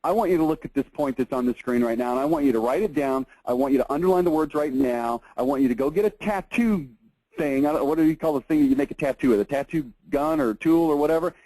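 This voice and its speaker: A man giving a lively marketing seminar lecture, emphatic and animated, often checking in with "okay?". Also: a little high, quick pace, no room sound, rough recording.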